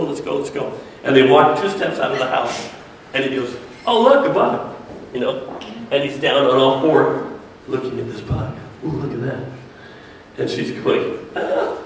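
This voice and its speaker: A medium-pitched male voice, with a little background noise, gives a casual talk to an audience on designing media for children. He's animated, acting out the voices of kids and characters along the way. The recording sounds distant and echoey, as if made in a room.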